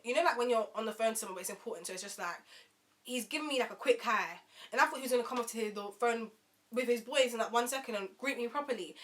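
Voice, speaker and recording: Bright-voiced young woman. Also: on the high side. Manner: animated, chatty, addresses viewers as guys. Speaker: vlogger. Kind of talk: storytime.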